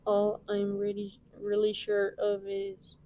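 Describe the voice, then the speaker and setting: A woman, a reading teacher, reading a novel aloud in a plain, unhurried way with small slips. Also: medium pitch, completely flat delivery, muffled recording.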